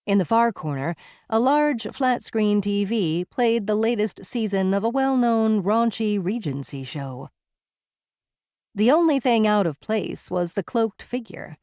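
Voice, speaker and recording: A woman's voice: medium pitch, animated, measured pace, darkish tone, no echo, clean studio sound. A woman narrating a first-person novel in a wry, conversational manner. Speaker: audiobook narrator.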